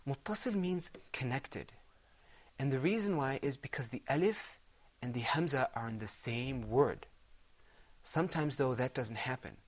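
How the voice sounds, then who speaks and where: A man's voice: medium pitch, lively intonation, normal speed. A middle-aged man teaching Quran recitation in a televised lesson, patiently explaining step by step and chanting Arabic examples.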